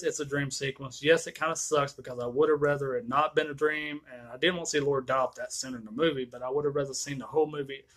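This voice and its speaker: Man, casual movie review rant, profane, excitable, mid-pitched voice. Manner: profane, excitable retelling of scenes.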